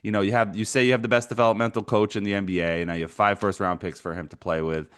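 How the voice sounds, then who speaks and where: Very deep-voiced man telling sports stories. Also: very fast, clear, resonant tone. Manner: animated storyteller, laughs often. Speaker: podcast co-host. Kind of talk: sports talk podcast.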